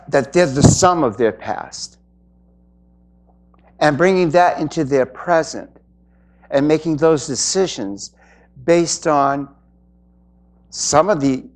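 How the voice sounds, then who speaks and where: A man giving an inspirational spiritual talk to an audience, earnest and reflective, with pauses. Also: on the high side. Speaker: spiritual speaker.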